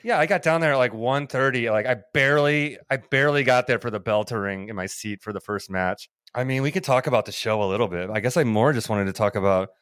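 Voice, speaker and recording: A man co-hosting a podcast, telling an animated, rambling story in casual chat, swearing freely. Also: mid-range voice, fast talker, hardly any pauses, clear, resonant tone, no room sound, clean studio sound. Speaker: podcast co-host.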